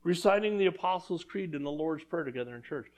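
A man's voice: on the high side, animated, fast. A man preaching a sermon in a church, talking conversationally and asking the congregation questions. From Southern California. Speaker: pastor.

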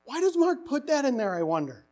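A man preaching a sermon, animated and asking the congregation rhetorical questions, his voice rising to near-shouts for emphasis. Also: extremely high pitch, a little fast. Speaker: pastor.

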